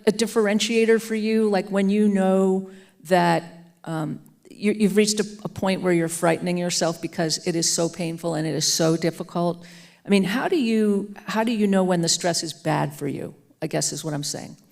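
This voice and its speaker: A woman's voice: on the low side, normal speed, gravelly, darkish tone. A woman interviewing a guest onstage, asking thoughtful questions that she works out as she goes. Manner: thoughtful, searching questions with restarts. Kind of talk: onstage conversation. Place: auditorium stage.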